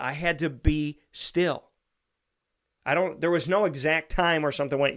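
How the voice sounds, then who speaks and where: A male show host giving an earnest, repetitive spoken reflection on faith, building to animated bursts. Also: on the high side, moderate pace.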